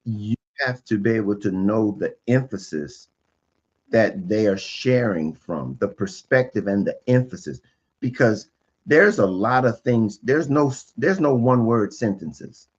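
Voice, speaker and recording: A man's voice: lowish voice, expressive, measured pace, muffled recording. A man, a guest relationship expert on a podcast, explaining emphatically and restating his points again and again.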